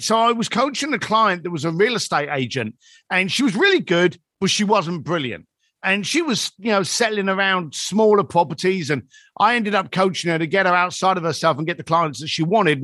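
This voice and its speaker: A man's voice: sits high, dry recording, clean studio sound. A man in his fifties, a business coach, telling stories in a chatty podcast conversation and acting out the voices of the people in them. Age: 50s. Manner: animated, acts out quoted dialogue. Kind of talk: conversational storytelling.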